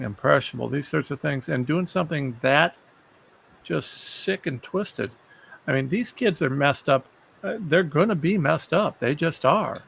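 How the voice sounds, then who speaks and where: A man hosting a conversational interview. His voice is heavily gravelly and sits a little high for a man. He speaks earnestly, restarting phrases as he works toward his point. A faint hiss of noise runs under the recording. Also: a bit bright. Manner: earnest, repeats words while searching for them. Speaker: show host.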